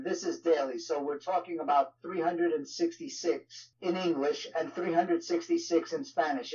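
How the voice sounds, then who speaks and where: A ministry leader with a New York accent talks as a guest in a casual interview, his voice sitting a little high and a little mellow. He speaks loosely and conversationally, with frequent "you know" fillers, and the audio is dull and lo-fi.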